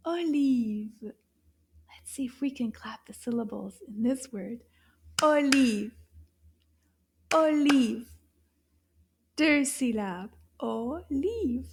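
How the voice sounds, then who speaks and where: A woman's voice: fairly high pitch, warm tone, husky. A woman teaching beginner French words to young children, encouraging them in a sing-song voice and drawing out each syllable. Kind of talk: slow, clear children's lesson with repetition.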